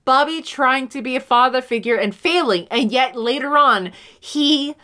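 A bright-voiced woman talking through a TV episode in casual chat, full of energy and slightly high-pitched. She keeps slipping into quick impressions of the characters and drops casual swears along the way. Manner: animated, acts out characters' lines, swears casually.

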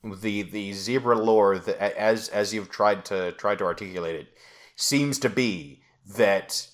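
A man co-hosting a podcast in casual chat, halting and full of fillers, with a dry sarcastic wit. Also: on the low side. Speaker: podcast co-host.

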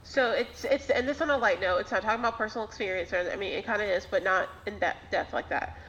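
A woman's voice: medium pitch, fast, fairly bright tone. A woman telling a story in casual podcast chat, wry and playful in her delivery. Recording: dull lo-fi recording.

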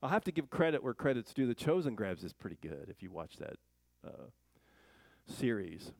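A male Bible teacher with a gravelly, low-textured voice, recorded close and dry. He reads scripture aloud, then comments on it in a loose, conversational way. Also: sing-song, moderate pace, a little mellow, no room sound. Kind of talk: casual verse-by-verse Bible teaching.

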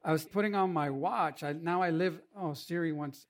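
A man pastor giving a conversational sermon, animated and humorous, with asides to the congregation. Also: fairly high pitch, moderate pace.

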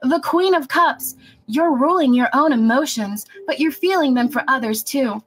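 A woman playing a dreamy fortune-teller NPC character who speaks in a slow sing-song. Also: high-pitched, natural voice, poor audio.

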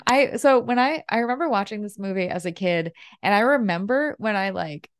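A woman's voice: mid-range voice, expressive, smooth, no room sound, studio quality. A woman co-hosting a casual movie-review chat, laughing often and chatting freely. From United States. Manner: giggly, chatty, quick to agree. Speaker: podcast co-host.

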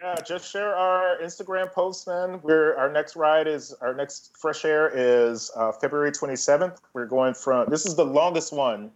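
A man speaking as a guest on a podcast in casual interview chat, easygoing and relaxed, pausing with "uh" as he thinks. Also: a little high, rough recording. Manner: laid-back, easygoing, pauses with "uh". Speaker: podcast guest, community ride organizer.

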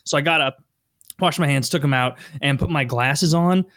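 A man's voice: on the high side, normal speed, fairly bright tone. A man co-hosting a casual podcast chat, joking and rambling through stories. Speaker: podcast co-host.

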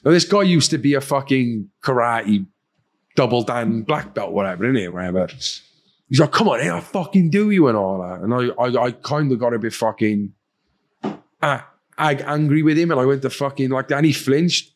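A man's voice: medium pitch, normal speed. A man speaking as a podcast guest, telling his own story bluntly with heavy swearing and acting out other people's lines. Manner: blunt and heavily profane, acts out quoted voices. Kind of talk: candid personal storytelling.

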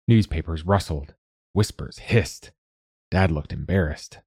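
A man narrating a children's story in a measured, gentle reading. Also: low-pitched, expressive, no room sound, studio quality.

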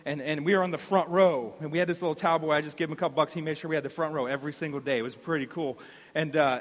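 A man's voice: fairly high pitch, quick pace, in a large hall. A man preaching a sermon, telling a personal story and driving points home with emphatic repetition. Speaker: pastor.

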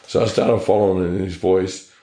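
A man's voice: sits low, steady tone, normal speed, mellow. An Australian man telling his personal story in an interview, blunt and earnest, with plenty of slang. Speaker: interview guest. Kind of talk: personal testimony. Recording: echoey room.

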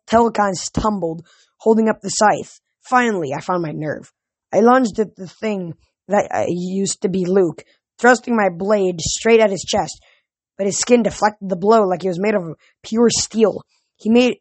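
A woman reading a novel aloud in a steady, measured way. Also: mid-range voice, slightly rough, dry recording. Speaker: reader.

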